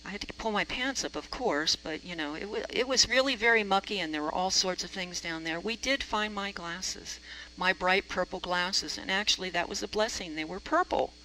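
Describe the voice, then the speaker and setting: A woman preacher spins a personal story in a chatty, self-deprecating way, her voice bright and forward. A faint hum sits under her voice. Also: medium pitch, moderate pace, poor audio. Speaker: reverend. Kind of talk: storytelling sermon.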